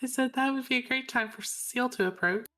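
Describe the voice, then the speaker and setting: A woman's voice: high-pitched, fast, fairly bright tone, soft background music. A woman playing in a tabletop role-playing game who speaks offhandedly. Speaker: player. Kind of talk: casual tabletop play.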